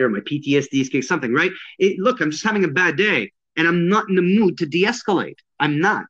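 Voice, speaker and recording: A blunt man with a fairly high voice speaks as a de-escalation instructor, swearing freely and driving his points home. His voice comes through dull and muffled, like a lo-fi recording of a casual chat. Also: lively intonation, fast, few pauses, a bit bright. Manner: blunt, emphatic, heavy swearing. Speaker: de-escalation and self-defense instructor. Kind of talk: casual podcast conversation. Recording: dull lo-fi sound.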